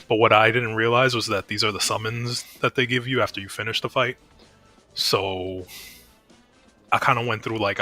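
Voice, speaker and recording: A man's voice: on the low side, bright, forceful tone. A young man casually rambling and swearing as he streams a game from home on a desk mic. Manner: chatty, profane, full of fillers and restarts. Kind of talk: casual rambling commentary over gameplay.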